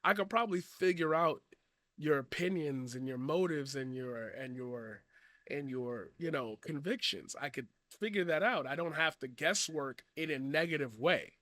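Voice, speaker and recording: A man giving a profane, blunt commentary rant, swinging from loud shouting to quiet earnest talk. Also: fairly high pitch, normal speed, dry recording, clean studio sound. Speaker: commentary streamer. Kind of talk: ranting commentary.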